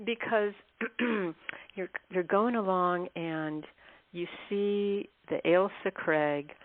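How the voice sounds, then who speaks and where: A woman, a guest author, telling travel stories in a chatty interview, often laughing and clearing her throat. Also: low voice, no room sound. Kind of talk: casual interview storytelling. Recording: dry tinny phone line.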